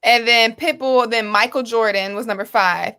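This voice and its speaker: A woman's voice: a little high, normal speed, clean tone. Chatty woman co-hosting a live talk show. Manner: animated, laughs often, chatty storytelling. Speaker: co-host. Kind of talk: casual chat.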